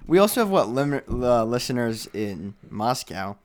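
An excitable young man hosts a podcast with a friend, chatting casually at a middling pitch. He laughs loudly and trails off into fillers mid-sentence. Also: measured pace, clear, resonant tone. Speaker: podcast host. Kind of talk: casual chat.

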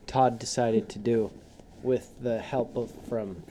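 A young man hosting a casual podcast chat, telling stories in an animated way, swearing and breaking into acted-out quotes. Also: mid-range voice, takes it slowly, slight background noise. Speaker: podcast host.

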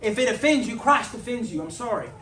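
A man preaching a sermon in a casual, joking way that builds to forceful emphasis, with big swings between loud and very quiet. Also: very high-pitched, animated, fairly quick. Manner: conversational and humorous, rising to forceful emphasis. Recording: echoey room, voice from a distance.

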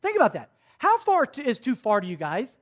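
A man in his fifties, a camp speaker, giving an animated, conversational sermon to young people and often checking that they are following. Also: very high voice, brisk. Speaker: camp speaker teaching students. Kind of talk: sermon-style teaching to a youth audience.

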